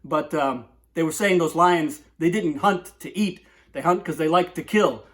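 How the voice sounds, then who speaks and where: A man's voice: on the high side, normal speed. A man hosting a comic poetry talk in a rambling, digressive monologue, constantly asking "right?".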